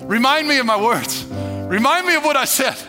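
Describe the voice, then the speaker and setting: A man's voice: extremely high pitch, expressive, fairly quick. A male pastor voicing God as an eager deity who keeps coaxing his people to ask him, with urgent repeated pleas over music. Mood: urging.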